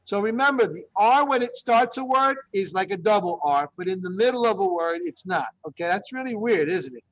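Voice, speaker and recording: A man's voice: high-pitched, animated, fairly quick, dry recording, rough recording. A man teaching a Spanish class, encouraging students and drilling pronunciation through repetition. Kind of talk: classroom language lesson.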